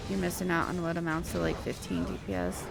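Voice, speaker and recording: A woman's voice: fairly low pitch, very animated, fast talker, creaky, noisy background. A woman streaming a video game, chatting casually and venting her frustration while reading chat aloud.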